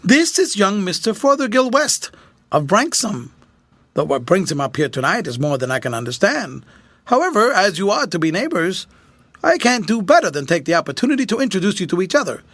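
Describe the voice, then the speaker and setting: A man voicing a short, stout estate factor who speaks in a gentle, soothing way. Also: high voice, very animated, fairly quick, no room sound, exaggerated voice. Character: little fat male estate factor, soothing.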